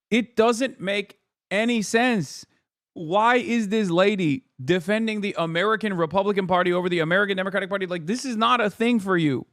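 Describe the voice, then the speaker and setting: A man doing casual political reaction commentary on a stream. His voice sits high and he is sarcastic, profane and mocking. The sound is dry and close, with no room echo. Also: fairly bright tone.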